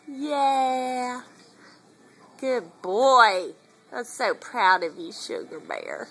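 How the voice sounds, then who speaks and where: A woman's voice: a little high, expressive, very slow, noisy background. A woman cooing and encouraging a baby in a home video. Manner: cooing, encouraging, sing-song. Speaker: parent filming a baby.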